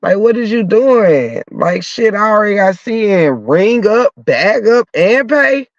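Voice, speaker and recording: Speaking slowly with lively intonation, a high-voiced man hosts a podcast while stuffed up from a cold, ranting and cursing through a heated story. It's a profane comic rant on a dull, dry lo-fi recording without any echo.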